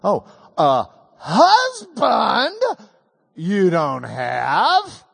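A man's voice: sits high, huge pitch swings, very slow, vocal fry, husky, exaggerated voice. Sermon quote: authoritative male teacher, put on by a preacher, firm and emphatic, long reverb behind. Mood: pointed.

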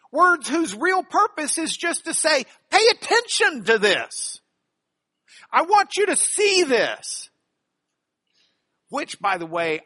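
Bright-voiced, animated middle-aged male teacher. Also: a little high. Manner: animated and jokey, with playful asides. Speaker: Bible class teacher. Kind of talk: lively classroom lecture.

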